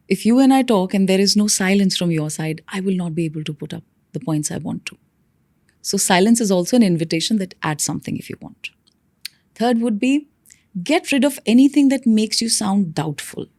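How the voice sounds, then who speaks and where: A young woman explains how to speak as a guest coach. She keeps pushing her pitch up and down to act out examples. Her tone is patient and instructive. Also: darkish tone, no room sound, studio quality. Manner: demonstrative, swings pitch up and down to show examples. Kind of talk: instructive interview answers.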